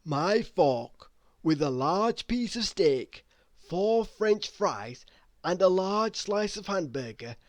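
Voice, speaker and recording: A woman reading a bedtime story aloud in an expressive, unhurried way. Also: fairly low pitch, no echo.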